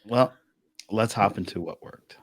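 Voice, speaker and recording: A man hosting a casual movie review chat, animated and prone to swearing. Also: fairly low pitch, measured pace, heavy background noise. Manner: animated, swears, laughs often. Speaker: host.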